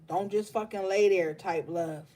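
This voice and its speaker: A woman's voice: medium pitch, a little slow, dark tone. A woman hosting a live tarot reading stream, speaking with passion and emotion and swearing bluntly as she encourages her viewers.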